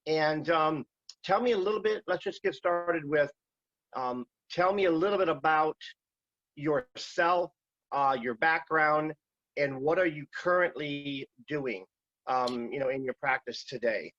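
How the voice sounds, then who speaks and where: A man's voice: on the high side, a little slow, fairly bright tone, dry recording, lo-fi sound. A man in his fifties hosting a podcast, talking with many hesitations and fillers. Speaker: podcast host.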